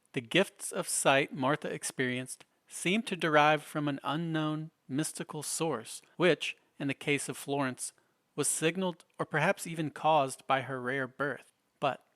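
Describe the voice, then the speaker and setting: A male podcast host giving measured, musing scripted narration with a slightly ominous tone. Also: on the high side, a bit bright, no room sound. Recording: dry close voice over faint guitar.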